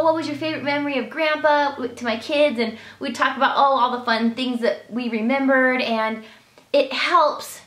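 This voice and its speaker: A beauty vlogger speaks to camera in an echoey room, delivering a heartfelt personal talk that is earnest, emotional and sincere. Her voice sits on the high side with a fairly bright tone.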